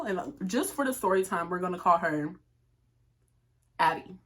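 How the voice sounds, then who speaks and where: A young woman vlogger with a lowish, unhurried voice rambles through a story-time tale for her viewers. She's animated, full of asides, and says "like" constantly.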